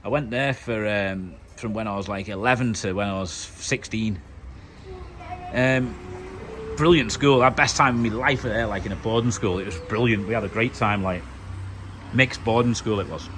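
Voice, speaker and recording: A man's voice: lowish voice, normal speed, fairly bright tone, slight background noise. A British man from the UK, vlogging outdoors at home in a loose, chatty, rambling way. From United Kingdom. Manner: chatty, loose and conversational with many fillers. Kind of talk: casual rambling monologue to camera.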